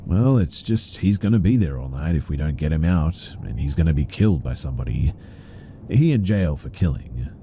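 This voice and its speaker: A man's voice: rumbling low, animated, normal speed, mellow, slight background noise. A man voicing a creepy, cutesy woman passenger who talks with country drawl in a spoken horror story.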